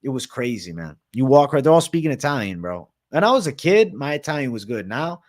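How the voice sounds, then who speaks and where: Very animated and fairly quick, a man with a mid-range voice and a Boston accent runs a casual livestream. He's from Massachusetts, grew up in Florida, and reads chat out loud, answering with lots of swearing and "bro."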